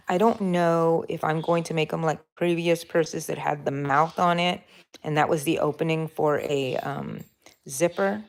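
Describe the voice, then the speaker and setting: A woman's voice: low voice, fairly even intonation, a little slow. An older woman hosting a home craft livestream, chatting in a rambling, casual way and answering her viewers. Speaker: crochet livestream host. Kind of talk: casual chat while crocheting.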